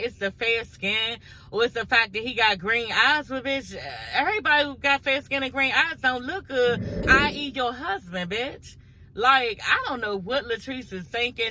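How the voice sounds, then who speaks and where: A woman's voice: on the high side, pushed and bright, rough recording. A woman recapping a reality show in a casual gossip vlog, blunt and profane, talking straight to her viewers.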